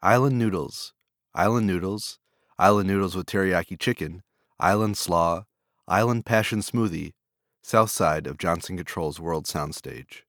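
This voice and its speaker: A man with a very low voice reads a long list of vendors and dishes, item after item. His delivery is steady and flat. The sound is dry and close, with no room echo. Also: moderate pace. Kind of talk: reading a list of food vendors.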